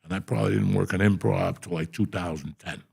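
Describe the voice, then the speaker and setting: A man's voice: low voice, steady tone, fast, creaky, a little mellow, husky. A man guest telling profane, blunt stories in a casual interview. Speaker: guest comedian.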